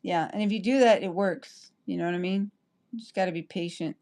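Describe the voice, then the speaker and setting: A woman's voice: on the low side, fairly quick, a little mellow. A woman chatting on a livestream, rambling and apologetic, stopping and restarting her sentences. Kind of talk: casual livestream chat.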